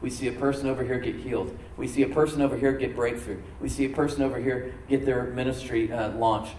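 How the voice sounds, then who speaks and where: A man preaching a sermon as pastor, stressing words by slowing down and rising in emphasis. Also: medium pitch, steady tone, darkish tone, recorded from a distance, slight background noise. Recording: echoey room, from off mic.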